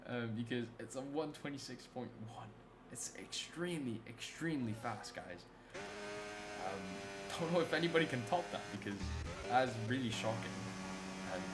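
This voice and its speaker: A young man from Italy, an excitable race commentator on a live stream who swears freely and banters with chat. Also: mid-range voice. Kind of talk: live sim racing commentary. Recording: noisy stream audio.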